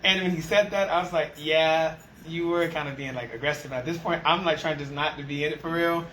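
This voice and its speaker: Animated man telling work stories. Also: on the high side, fairly quick, slight background noise, poor audio. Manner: animated storyteller, acts out quoted exchanges. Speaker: restaurant team leader. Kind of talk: casual conversation.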